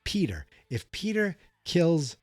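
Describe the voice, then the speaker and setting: A man's voice: on the high side, very animated, slow, no room sound, studio quality. A man hosting a podcast, recapping a film in a loose, rambling way, often correcting himself and acting out characters' lines. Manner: rambling, self-correcting, acts out quotes. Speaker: podcast host. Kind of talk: casual movie recap.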